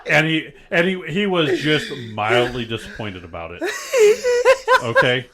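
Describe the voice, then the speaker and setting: A man's voice: medium pitch, very animated, measured pace, a crowd in the background. A man co-hosting a casual podcast, joking around, laughing often and asking his guests questions. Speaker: podcast co-host. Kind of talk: casual chat.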